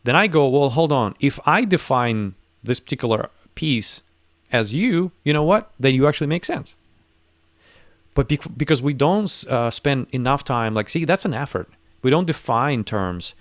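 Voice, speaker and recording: A man's voice: mid-range voice, expressive, moderate pace, no echo. Rambling man on a live talk show. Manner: rambling, many restarts and acted-out quotes. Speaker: podcast co-host. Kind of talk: casual live discussion.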